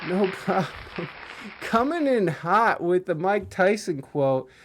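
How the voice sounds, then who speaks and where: Slow-talking podcast host man, laughing. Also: high voice, sing-song, crowd noise, background noise. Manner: laughing often, swearing freely, loose. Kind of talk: casual podcast chat.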